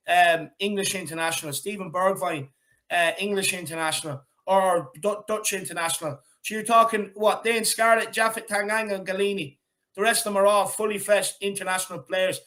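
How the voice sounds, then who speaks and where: A man's voice: high voice, bright, forceful tone. A man hosting a fan call-in show, hyped, rambling and jokey. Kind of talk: casual chat.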